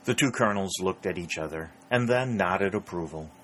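A man narrating an audiobook in a steady, measured reading. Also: low-pitched, slight background noise.

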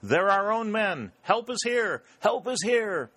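A frantic young soldier. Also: male voice, big pitch swings, slow, no echo, exaggerated voice. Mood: frantic joy. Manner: shrill desperate shouting.

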